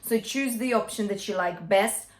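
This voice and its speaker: A woman vocal coach with a mid-range voice teaches a singing lesson at a moderate pace in an echoey room. She talks through technique, sings short demonstrations and checks in with "yeah?" and "okay?" as she goes.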